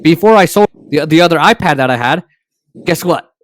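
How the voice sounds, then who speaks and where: A man hosts a casual tech podcast in a fairly high voice. He is opinionated and sarcastic, and he often trips over and restarts his sentences. The sound is dry and close. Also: expressive, a little fast, no room sound. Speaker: podcast host.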